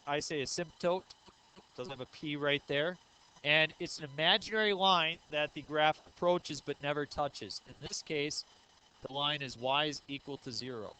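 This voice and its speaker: A man's voice: fairly high pitch, bright, forceful tone, low-quality recording. A man in his thirties giving a recorded math lecture, explaining step by step and asking the class questions, with frequent 'uh' and 'um'. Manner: says 'uh' and 'um' often. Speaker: math teacher.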